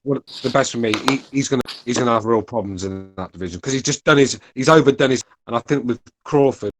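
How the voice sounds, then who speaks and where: A man talks in casual podcast chat, blunt and opinionated. His pitch is ordinary and middling. He speaks with easy confidence. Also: fast talker.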